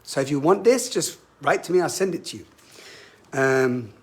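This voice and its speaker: A man leading a live online spiritual session in an earnest, self-reflective way, often turning to his listeners with questions. His voice sits a little high for a man and has a husky edge. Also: lively intonation, moderate pace. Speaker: workshop facilitator. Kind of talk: live-streamed spiritual talk. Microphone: webcam or phone mic on a live stream.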